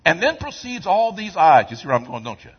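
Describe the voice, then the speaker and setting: A male pastor preaches a sermon, his high, husky voice swinging widely in pitch. He moves from quiet asides to shouted lines in a call-and-response style. The church recording sounds dull and muffled. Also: very animated, brisk. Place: church sanctuary.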